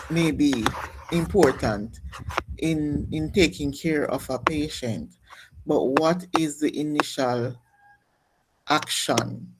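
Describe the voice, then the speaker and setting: Speaking slowly in a deep voice with long pauses, a woman teaches a nursing class, working through exam questions step by step, restarting as she goes and calling on students. There's noticeable noise in the background of the classroom.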